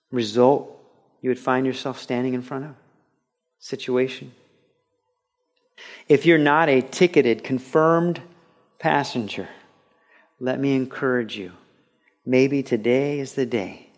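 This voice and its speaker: A man preaching a sermon to a congregation in an earnest, conversational way, sometimes building to animated storytelling. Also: mid-range voice. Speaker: pastor. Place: church, broadcast on radio.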